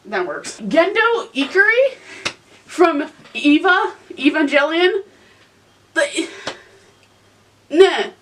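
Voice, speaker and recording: Young woman host, exasperated casual rant, high and lively, recorded from a distance. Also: drawn-out words, pauses often. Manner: animated, exasperated, swears freely. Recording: voice from some distance to the mic.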